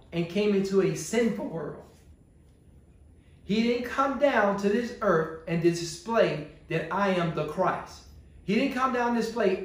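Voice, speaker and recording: A man's voice: sits high, expressive, measured pace, darkish tone. A male pastor preaching a sermon, asking the congregation rhetorical questions in a call-and-response style. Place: church. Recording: very echoey church room.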